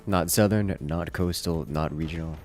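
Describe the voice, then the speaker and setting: With soft music playing behind him, a low-pitched American man with an urban accent talks at normal speed during a game stream. He keeps the livestream chat casual and playful, joking with his viewers.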